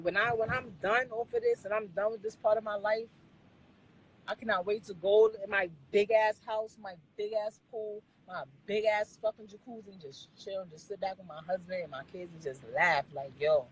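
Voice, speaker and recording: A husky woman rants into her phone, blunt and profane. She scolds her viewers in a casual, heated monologue. Her voice sits at a middle pitch. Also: brisk, rough recording. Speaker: rapper on a live stream. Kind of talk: ranting live-stream monologue.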